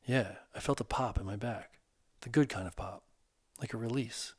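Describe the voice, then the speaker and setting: A man voicing a divorced man in middle age opening up earnestly about an old hurt, in casual, halting speech. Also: mid-range voice, breathy edge, no room sound, studio quality, close to an everyday voice.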